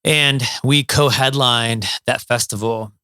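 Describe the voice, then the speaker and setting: Gravelly-voiced man telling road stories. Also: mid-range voice, slow pace, no room sound, studio quality. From Toledo, Ohio, USA. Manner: animated storyteller, many fillers and restarts. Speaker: guest, musician. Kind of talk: storytelling in a casual interview.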